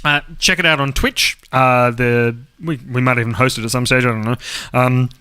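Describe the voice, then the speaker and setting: Aussie guy on a podcast stream, bright crisp voice, rambly and jokey. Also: medium pitch, fairly even intonation, normal speed. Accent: Australian. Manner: joking, rambling with many fillers. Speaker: podcast co-host. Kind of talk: casual chat on a livestream.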